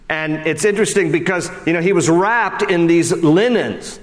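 Man preaching, casual sermon, slightly high voice, emphatic highs and hushed lows, church hall reverb. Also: normal speed, few pauses, a little hiss or hum. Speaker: pastor. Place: church sanctuary.

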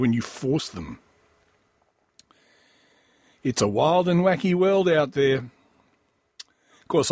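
A man's voice: mid-range voice, a little mellow, husky, no room sound. A man hosting a comedy podcast, riffing crudely and sardonically on a news story, wheezy and coughing often. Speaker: podcast host.

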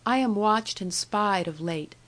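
A woman reading the lines of a shy, gentle young maiden in a soft, hushed voice, in an audiobook. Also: medium pitch, unhurried, lightly acted.

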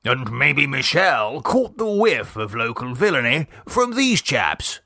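A man voicing a fussy, chatty older English gentleman in an audiobook, with pompous, old-fashioned phrasing. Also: medium pitch, big pitch swings, a little slow, dry recording, voice pushed up, exaggerated voice. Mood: genial gossip.

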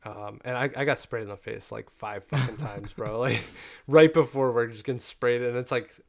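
A young man telling a story in casual chat, profane and animated, full of "like" fillers. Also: mid-range voice, moderate pace, creaky.

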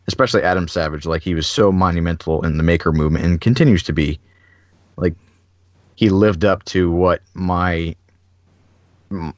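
Male podcast host, animated chatty storyteller, deep voice, dry sound. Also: dry recording, highs cut off. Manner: animated storyteller, many "like" fillers, acts out quotes. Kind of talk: casual chat.

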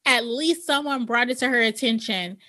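A woman's voice: a little high, moderate pace, sharp tone. A woman in a casual chat reviewing a show, chiming in with short agreements.

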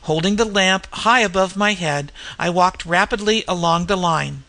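Gravelly, bright audiobook narrator. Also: medium pitch. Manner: measured, tense storytelling. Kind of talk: scripted first-person story narration.

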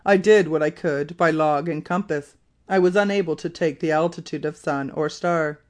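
Reader doing a level-headed young lieutenant, plain and measured. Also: mid-range voice, lightly acted. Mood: calm. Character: polite, measured male naval lieutenant. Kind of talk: audiobook character reading.

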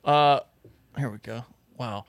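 A man's voice: mid-range voice, takes it slowly, no echo. A man co-hosting a casual comedy podcast, bantering playfully and laughing often. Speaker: podcast co-host.

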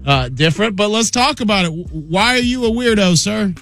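Bright-voiced male radio host. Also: sits high, animated, a little fast, vocal fry, faint music behind. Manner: easygoing, laughs along. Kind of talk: casual radio banter.

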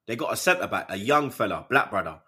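A man hosting a casual football chat, animated and slangy, swearing freely. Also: on the low side, brisk. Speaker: host.

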